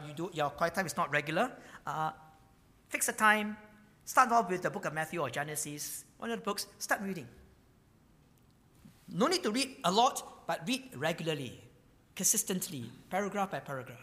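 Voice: mid-range voice, lively intonation, moderate pace, bright, forceful tone, big-room sound. A pastor preaching a sermon, emphatic and repetitive, stumbling over words with frequent fillers. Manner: emphatic, repeats key words.

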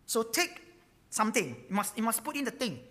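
Preacher, sermon, animated pitch, emphatic repeats, frequent fillers, long hall reverb. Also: fairly quick. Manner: emphatic, repeats key words; stumbles over words with many fillers. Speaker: pastor.

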